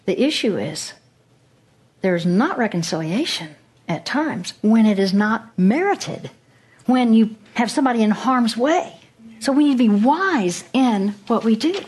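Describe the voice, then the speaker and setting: A woman's voice: on the high side, expressive, measured pace, a little mellow, husky. A woman Bible teacher giving an earnest, emphatic Christian teaching talk, asking pointed questions.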